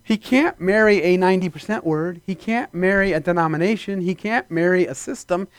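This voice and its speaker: A man preaches a sermon to his congregation in a loose, conversational style. He slips into playful put-on voices to act out little scenes. His voice sits a little high for a man and sounds dry and close to the mic. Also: a little fast, clean tone, no echo. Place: church before a congregation.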